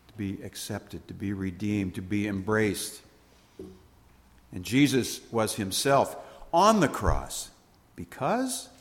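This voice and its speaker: A man reading the gospel aloud and preaching a sermon in a church, solemn and measured, with dramatic pauses. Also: fairly low pitch. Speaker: priest. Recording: long reverb of a church hall.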